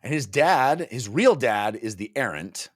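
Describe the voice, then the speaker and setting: A man's voice: medium pitch, sing-song, unhurried, no room sound, clean studio sound. A man co-hosting a casual book discussion podcast, retelling scenes animatedly and putting on silly voices for characters. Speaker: podcast co-host.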